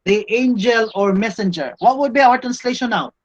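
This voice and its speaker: A man's voice: extremely high pitch, moderate pace, highs cut off. A man teaching a Greek grammar class, repeating words and checking in with "no?" and "okay?". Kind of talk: classroom lesson.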